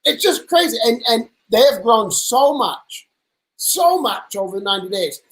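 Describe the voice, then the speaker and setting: A man hosting a casual lunch conversation, an energetic storyteller who acts out the people he quotes in animated voices. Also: extremely high pitch, moderate pace, rough recording. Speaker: host. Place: at a lunch table.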